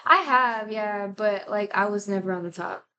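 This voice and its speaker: A woman's voice: mid-range voice, moderate pace, sharp tone, muffled recording, a little hiss or hum. A woman in her twenties, a podcast guest in casual chat. She swears freely, uses lots of filler words and acts out the people she quotes.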